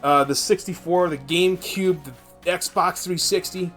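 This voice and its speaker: A man's voice: high voice, measured pace, a bit bright, soft background music. A man in his twenties chatting casually on a game stream, ranting in a rambling, profane way. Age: 20s. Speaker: VTuber streamer.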